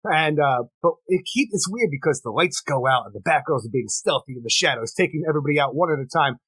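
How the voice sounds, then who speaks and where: A man co-hosting a comics podcast in casual chat, dropping wry deadpan jokes. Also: a little high, fast, husky, no room sound, low-quality recording. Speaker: podcast co-host.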